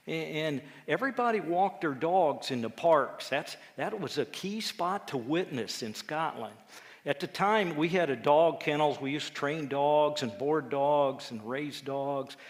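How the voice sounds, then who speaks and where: A man, a lay preacher telling a personal testimony story, acting out quotes with lively jumps in his voice. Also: on the high side, unhurried. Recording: echoey hall with long reverb.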